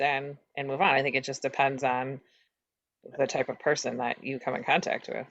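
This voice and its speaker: Low-voiced woman participant, thoughtful, muffled dry recording. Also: normal speed. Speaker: workshop participant. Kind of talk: classroom discussion.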